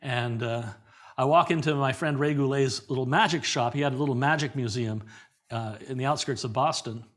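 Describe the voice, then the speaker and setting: A middle-aged man with a mid-pitched voice, recounting stories as a podcast guest. He talks in a loose, animated way, doubling back on words and laughing as he goes. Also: fairly quick. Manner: lively anecdotes, repeats words, laughs often. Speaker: guest performer. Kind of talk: conversational storytelling in an interview.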